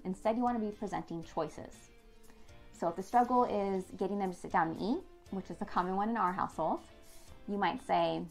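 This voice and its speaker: Woman explaining child discipline research. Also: mid-range voice. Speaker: child development expert. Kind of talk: educational talk to camera.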